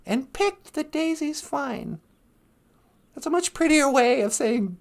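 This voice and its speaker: A woman hosting a live-stream podcast in casual chat, laughing often and reading lines slowly and dreamily. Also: high-pitched, expressive, darkish tone. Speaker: podcast host.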